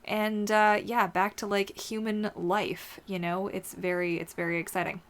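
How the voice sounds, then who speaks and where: A woman's voice: mid-range voice, level tone, unhurried. A woman hosting a casual livestream, chatting and answering viewer comments as she reads them out. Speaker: livestream host.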